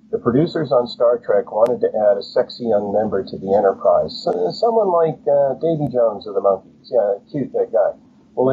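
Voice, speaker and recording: A man, an author being interviewed, telling stories with enthusiasm and acting out quoted lines. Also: mid-range voice. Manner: enthusiastic storyteller, acts out quotes. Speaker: author and guest. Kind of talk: casual interview chat. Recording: tinny phone-like line, faint noise.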